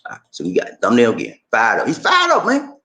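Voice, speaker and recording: A man giving animated, preachy commentary on a news story, playful and repetitive, with questions for his audience. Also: medium pitch, a little fast. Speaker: commentary channel host.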